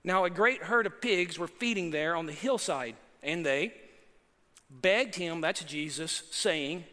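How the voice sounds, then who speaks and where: A man preaching in a large hall, his high voice ringing out with a long reverb tail. He is emphatic and sharp-toned, and he keeps tossing rhetorical questions and asides to the congregation. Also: measured pace. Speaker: pastor. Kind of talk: sermon.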